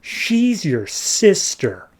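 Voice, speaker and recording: A man's voice: mid-range voice, expressive, dark tone, close to an everyday voice. A man casually voicing a middle-aged woman who speaks hesitantly, stumbling over her words. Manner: hesitant, halting. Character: startled middle-aged woman, mother of a secret daughter.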